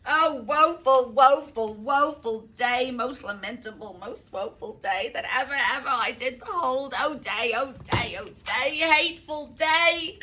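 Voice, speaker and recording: A woman's voice: high-pitched, sharp tone, recorded from a distance, voice pushed up, full character voice. A woman voicing a grief-stricken noble mother in a wailing, theatrical lament.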